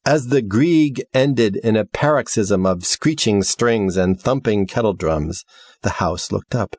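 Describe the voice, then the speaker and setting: A man reads a story aloud in a low, husky voice, moving freely up and down as he narrates. His delivery is measured and expressive, and the recording is close and completely dry. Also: no echo. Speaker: audiobook narrator. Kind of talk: scripted narration.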